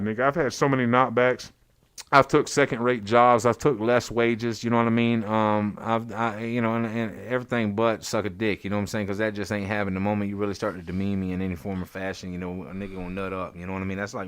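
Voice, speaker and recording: Smooth low-voiced blunt man. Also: steady tone, fast, a bit bright. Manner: blunt and profane. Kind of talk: casual podcast chat.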